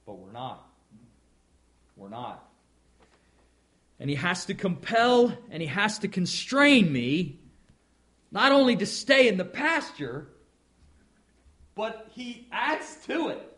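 A man preaching in a slow, folksy way, leaning hard on single words and then dropping to near-quiet asides. His voice sits a bit high for a man and roams widely in pitch. It has a husky edge. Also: big pitch swings. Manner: folksy, drawn-out, swings from loud emphasis to quiet asides. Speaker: pastor. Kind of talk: sermon.

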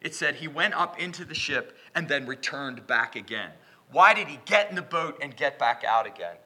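A man preaching a sermon in a church, swinging from loud, emphatic bursts down to hushed whispers. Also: medium pitch, animated, moderate pace.

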